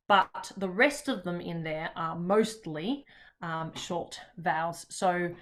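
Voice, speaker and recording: A woman presents a teaching workshop on a video call. Her voice sits at an ordinary middle pitch, and she speaks in a loose, chatty way with many pauses. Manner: relaxed, chatty, with frequent pauses. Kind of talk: online webinar presentation.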